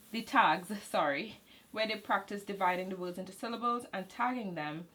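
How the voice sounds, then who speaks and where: Woman host, mid pitch, casual explainer, faint room noise. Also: rough recording. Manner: casual, explanatory, with fillers and self-corrections. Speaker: homeschool channel host. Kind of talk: walking through a curriculum manual.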